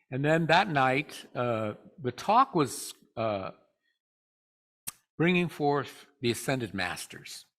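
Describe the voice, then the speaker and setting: A man giving a Sunday talk to a spiritual community. He tells a personal story in a relaxed, rambling way, stops often on "uh", and speaks directly to the congregation. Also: medium pitch. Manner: relaxed, rambling, with frequent "uh" pauses.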